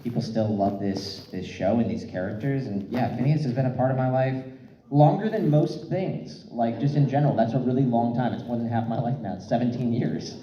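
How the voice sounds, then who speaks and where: Earnest guy on a panel, a bit halting, echoey hall, noisy. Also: medium pitch, warm tone, dull audio. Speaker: voice actor on a panel. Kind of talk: sincere panel talk. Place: large convention hall.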